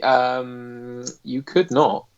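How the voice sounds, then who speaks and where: Dry, laid-back co-host. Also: male voice, medium pitch, level tone, drawn-out words, lo-fi sound. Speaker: stream co-host. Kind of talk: casual live-stream chat.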